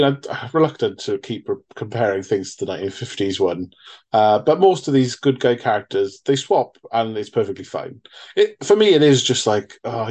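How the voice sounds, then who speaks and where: A man's voice: mid-range voice, a little mellow. A man in a casual, rambling film chat, swearing freely and restarting sentences. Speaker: podcast co-host.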